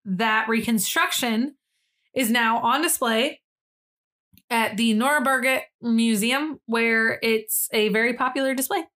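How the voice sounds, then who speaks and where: A woman's voice: fairly high pitch, slow, bright, forceful tone. Giggly woman podcast co-host. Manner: giggly, rambling, self-deprecating. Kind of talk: casual chat.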